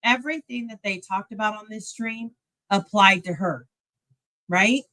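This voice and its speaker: A woman streamer giving casual reaction commentary on a clip, animated, laughing and talking back to it. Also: medium pitch, normal speed.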